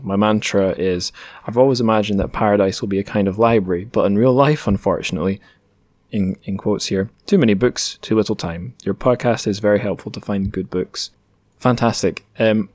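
A man's voice: sits low, darkish tone, no echo. A Scottish man hosting a podcast, chatting casually and rambling a little as he corrects himself. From Scotland. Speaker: podcast host. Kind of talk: casual solo podcast chat.

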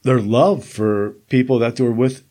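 A man's voice: medium pitch, fairly even intonation, normal speed, darkish tone. A man hosting an interview, talking casually and rambling with lots of "like" and "you know". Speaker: host.

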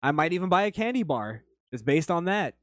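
A man's voice: fairly high pitch, very animated, a little fast, no echo, studio quality. A man hosting a podcast, reading chat comments and telling rambling stories in a blunt, profane, casual way. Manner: blunt, swears freely, rambling anecdotes.

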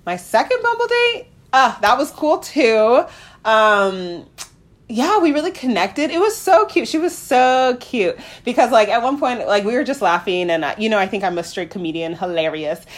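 A woman co-hosting a podcast in casual chat, telling stories animatedly and acting out quotes in a high voice. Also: big pitch swings, normal speed. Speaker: podcast co-host.

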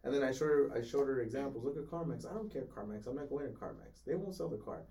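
A man's voice: mid-range voice, lively intonation, dark tone, far from the mic. A man co-hosting a casual chat, telling car sales stories and acting out customers in quotes. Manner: fast-talking, acts out customers in quotes. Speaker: podcast co-host, car salesman.

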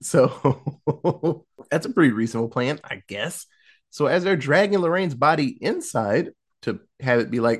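Medium-pitched and unhurried, a man chats on a podcast about a horror film he's recapping. Laughing and swearing, he tells the story with energy and performs the characters' quotes.

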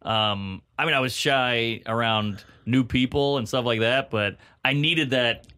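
A man's voice: mid-range voice, bright, forceful tone, clear, resonant tone. A middle-aged man, a comedian guest, joking and telling stories in a casual podcast chat. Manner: joking, storytelling with quick put-on voices.

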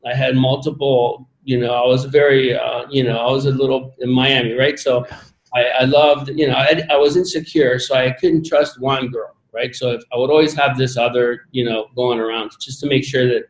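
A man's voice: mid-range voice, steady tone, moderate pace. A man speaking as an interview guest, earnest and rambling, with emphatic stresses. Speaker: podcast guest, former Olympic athlete. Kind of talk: casual conversational interview. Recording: roomy echo.

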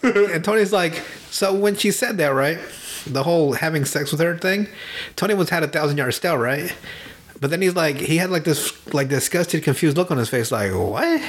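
A man with a fairly high voice chats casually as a podcast host, recounting film scenes with a lot of swearing and frequent laughter. He talks over an online call from home. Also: normal speed. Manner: animated, profane storytelling with frequent laughter. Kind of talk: casual chat.

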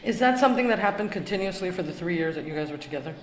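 A man's voice: high-pitched, animated, rapid-fire. A man hosting a podcast interview, asking incredulous questions. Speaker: podcast host. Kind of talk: interview conversation. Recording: roomy with faint background noise.

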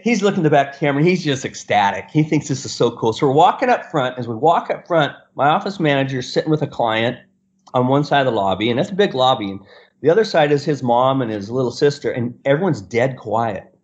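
A middle-aged man and portrait photographer telling a story in an animated way, acting out the other people's lines and laughing often. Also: mid-range voice, brisk. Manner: acts out quoted voices and laughs often. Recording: dull lo-fi sound.

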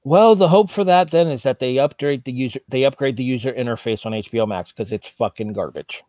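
A man's voice: medium pitch, brisk, mellow, dry recording. A man co-hosting a podcast, giving a casual wrestling review in an analytical way and swearing freely. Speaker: podcast co-host.

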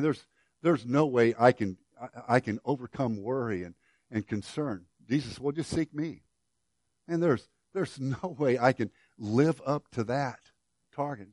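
A man's voice: medium pitch, no room sound, clean studio sound. An older man preaching a sermon as pastor, telling a folksy story with many restarts and repeated words.

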